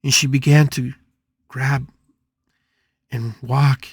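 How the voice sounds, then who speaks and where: A man's voice: medium pitch, level tone, takes it slowly, husky, no room sound, clean studio sound. A man hosting a spiritual podcast, telling a story dramatically with emphatic repetitions. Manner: dramatic, emphatic, repeats phrases for effect. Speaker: podcast host.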